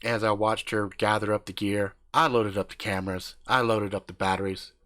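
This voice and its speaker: A man's voice: fairly low pitch, little pitch movement, moderate pace, bright, forceful tone. A man telling an improvised comic story in a casual, profane way.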